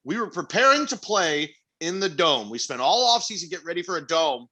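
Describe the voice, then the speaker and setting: A young man co-hosts a podcast, his voice a little high, very animated and fairly quick with a sharp edge. He chats casually and tells stories packed with swearing and laughter.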